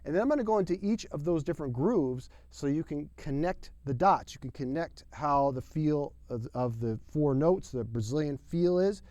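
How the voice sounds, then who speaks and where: A man's voice: a little high, expressive, normal speed, hardly any pauses, warm tone, no room sound. A man teaching a drum lesson to camera in an upbeat, folksy, emphatic way, sometimes singing drum syllables. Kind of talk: video lesson.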